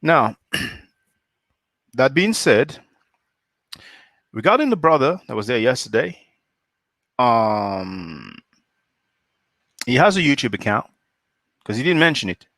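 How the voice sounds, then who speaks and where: A man hosting a live stream, talking in a measured, hesitant way and often clearing his throat. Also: mid-range voice, sing-song, a bit bright, dry recording, clean studio sound. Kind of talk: casual discussion.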